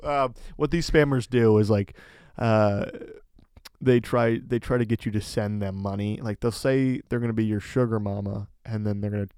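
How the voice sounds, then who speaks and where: A man co-hosting a podcast, telling a story in a casual, animated way with lots of filler words. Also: on the low side, normal speed, smooth, no echo, studio quality. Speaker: podcast co-host.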